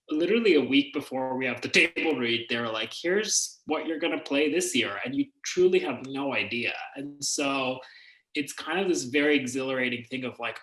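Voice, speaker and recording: A man from India, an actor telling stories in a casual interview, animated and self-deprecating. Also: medium pitch, roomy sound, rough recording. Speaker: actor guest.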